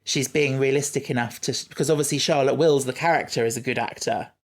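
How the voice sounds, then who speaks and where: Gravelly man chatting casually. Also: medium pitch, fast talker. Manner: chatty, thoughtful, hesitant with fillers. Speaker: podcast co-host. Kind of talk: casual chat reviewing a TV series.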